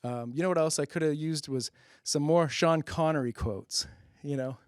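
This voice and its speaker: A man's voice: fairly high pitch, moderate pace, clear, resonant tone, no room sound, studio quality. A man hosting a public-access comedy show, rambling through jokes, laughing at his own bits and asking if they land. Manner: loose, rambling, many fillers. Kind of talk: rambling comic monologue.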